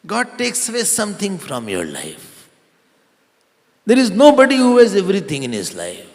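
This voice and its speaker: A male spiritual teacher telling a story to an audience, often quizzing them and repeating names, sometimes chanting verses slowly. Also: fairly high pitch, gravelly. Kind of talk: storytelling discourse. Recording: long hall reverb.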